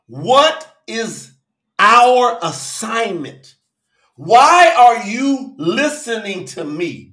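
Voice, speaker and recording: A preacher who hosts his own channel delivers a fervent livestream sermon in a high, bright, lively voice that swoops up and down. He often shouts and calls out viewers by name, and a roomy echo carries his words.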